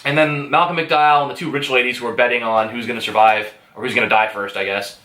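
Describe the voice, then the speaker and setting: A man's voice: medium pitch, steady tone, fast talker, bright, forceful tone, reverberant. A man giving a rambling, profane, hesitant movie review full of fillers. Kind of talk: casual spoken movie review.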